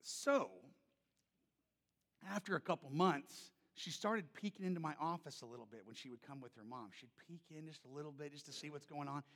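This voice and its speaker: A male pastor telling a story in a sermon, loud and animated, then dropping to soft, gentle tones. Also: a little high, a little fast, in a large hall.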